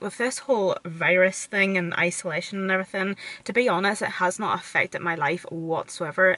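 A woman's voice: lowish voice, bright, forceful tone, no echo, poor audio. A woman in her twenties with a Northern Irish accent, chatting casually to camera from a parked car and filling her talk with "like". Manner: chatty, rambling, fills talk with "like". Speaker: vlogger.

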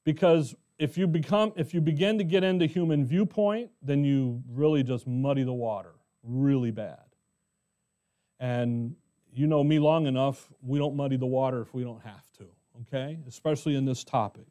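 A middle-aged American pastor teaching verse by verse in a conversational way, often asking the congregation questions. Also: male voice, mid-range voice, normal speed, warm tone. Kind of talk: expository Bible teaching.

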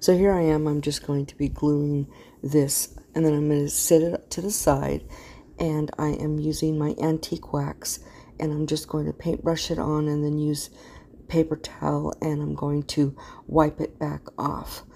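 A middle-aged woman hosting a craft channel rambles through a project in a casual voice-over, often losing her words and yawning as she talks. Her voice is low, gravelly and mellow, with a level tone and an unhurried pace. There's slight background noise.

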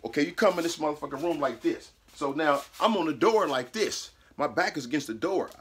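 A man casually telling a personal story, animated and profane, laughing mid-sentence and acting out what people said. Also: on the high side, brisk, slightly rough.

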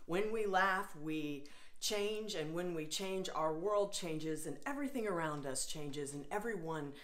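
A woman's voice: lowish voice, a little slow, echoey room. A woman leading a laughter yoga class, coaxing her listeners along with cheerful calls and bursts of laughter. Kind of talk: guided laughter exercise class.

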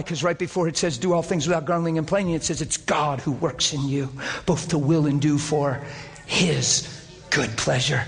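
High-voiced guy preaching hard in a church, lots of fired-up questions, long hall echo. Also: husky. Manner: impassioned, rhetorical questions, rising to emphatic peaks. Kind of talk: sermon. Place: church service before a congregation.

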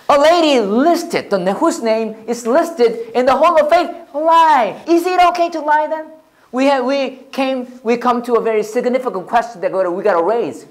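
A pastor with a Korean accent preaching a sermon, animated and often checking with the audience. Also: male voice, very high-pitched, normal speed. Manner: animated, repeats and restarts, asks the audience "right?".

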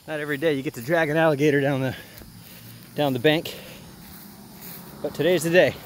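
A man with a slightly raised voice talks loosely to the camera outdoors beside a pond. He is excitable and jokey and chuckles often. Faint insect and nature sounds run underneath. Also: on the high side, fairly quick, long pauses, a little hiss or hum. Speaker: fishing vlogger. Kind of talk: casual outdoor commentary.

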